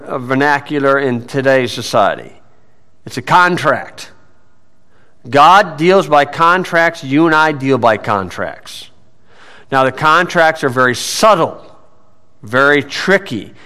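A man teaching through Bible verses in a conversational way, asking and answering his own questions, often saying "okay" and clearing his throat. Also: on the high side, a bit bright.

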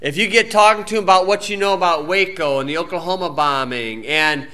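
A man's voice: high-pitched, fairly quick, pushed and bright. A Baptist preacher man from the United States giving an informal sermon-style talk in a folksy, plain-spoken way with colloquial grammar.

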